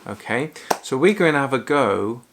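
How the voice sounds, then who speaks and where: A man's voice: mid-range voice, lively intonation, moderate pace, noisy background. A male music teacher giving a friendly, casual lesson, explaining as he goes with frequent ums and small restarts.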